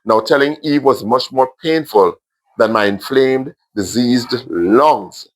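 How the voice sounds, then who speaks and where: With a medium-pitched voice and an unhurried delivery, a Jamaican man gently shares his heartfelt story with a class of primary schoolchildren, pausing now and then for asides.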